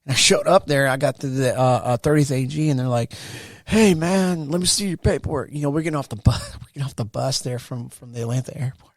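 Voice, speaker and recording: A man in his forties, a veteran guest, telling a story in a casual interview with slangy, animated delivery. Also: mid-range voice, quick pace, no echo. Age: 40s. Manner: animated, acts out quoted voices, slangy.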